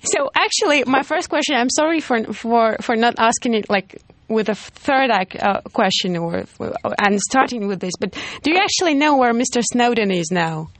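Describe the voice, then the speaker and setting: A woman radio host with a Russian accent, interviewing in English with halting restarts and easy laughs. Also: a little high, animated, dry recording. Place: radio studio. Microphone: studio microphone.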